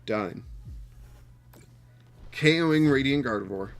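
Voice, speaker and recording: A man giving live gameplay commentary on a card game, talking to his opponent with exasperated outbursts and quiet muttered counting. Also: medium pitch, lively intonation, slow pace. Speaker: card game player and streamer.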